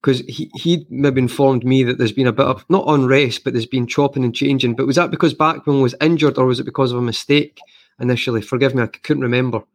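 A man's voice: medium pitch, fairly even intonation, fast talker. A Scottish man co-hosting a casual podcast chat, asking questions in a hesitant, self-correcting way.

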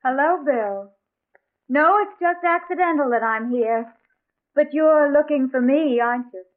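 A young woman of mystery speaks softly and sadly in a 1940s radio drama. Her voice sits high and hushed. The old broadcast is thin and tinny. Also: a little slow. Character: young mysterious woman in black, soft and sad.

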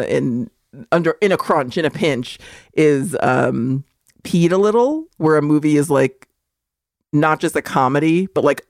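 A woman's voice: deep voice, a little mellow, no room sound, studio quality. A woman co-hosting a podcast, telling rambling stories in casual chat and swearing freely. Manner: rambling, profane storytelling. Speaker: podcast co-host.

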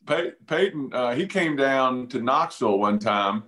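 A man's voice: medium pitch, animated, unhurried, a bit bright. A man hosting a casual interview podcast, asking easygoing questions with a few restarts. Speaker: podcast host.

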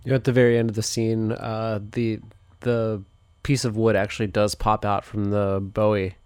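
A man's voice: on the low side, flat delivery, normal speed, darkish tone, smooth, no room sound. A man co-hosting a movie podcast in casual chat, making dry, wry quips. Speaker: podcast co-host.

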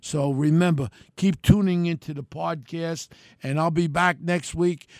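A middle-aged man from New York hosting his own podcast, ranting bluntly in working-class slang with a gravelly voice. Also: a little high, steady tone, unhurried, a little mellow, no room sound, studio quality. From New York City. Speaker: podcast host. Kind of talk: solo podcast rant.

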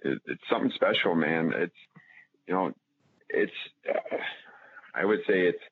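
Deep, husky man on a phone line. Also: brisk. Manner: rambling, many restarts and fillers, animated when retelling. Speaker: podcast guest. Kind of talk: casual storytelling. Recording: tinny phone-line audio.

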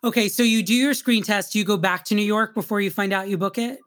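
A woman's voice: mid-range voice, fairly even intonation, quick pace, dry recording, studio quality. A woman hosting a casual interview. She reacts eagerly and laughs along with her guest. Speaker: host.

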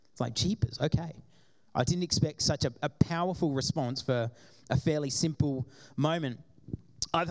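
A man from Australia preaching a sermon to his congregation, telling personal stories and acting out the voices of the people in them. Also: sits high. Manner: animated storytelling, acting out quoted voices. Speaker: pastor. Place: church before a congregation.

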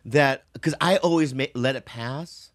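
A man's voice: medium pitch, unhurried, no echo, clean studio sound. A man, a comedian, chatting casually and telling rambling stories with restarts and many tag questions. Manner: rambling storyteller, restarts and frequent "right?"; animated, acts out voices in his stories. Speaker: comedian and actor. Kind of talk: casual chat.

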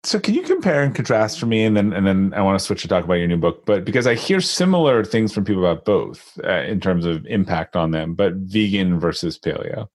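Deep-voiced male host with lively inflection who asks framed questions. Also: a little fast, hardly any pauses. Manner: brief interjections and framed questions. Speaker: podcast host. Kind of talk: interview conversation.

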